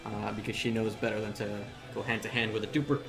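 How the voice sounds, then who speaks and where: A man's voice: on the low side, little pitch movement, quick pace, vocal fry, over music. A young man narrating as game master, casual and chuckling, with many fillers.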